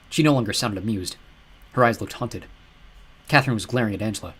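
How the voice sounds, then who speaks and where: A man's voice: fairly low pitch, fast, pauses often, fairly bright tone, husky. A man narrating an audiobook, telling the story expressively and voicing its characters. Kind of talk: scripted narration.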